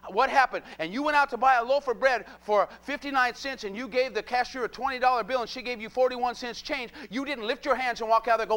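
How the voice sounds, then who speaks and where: A man's voice: extremely high pitch, fast talker, hardly any pauses, a bit bright. A man preaching a sermon to his congregation, rhythmic and repetitive, throwing call-and-response questions at the crowd. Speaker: pastor.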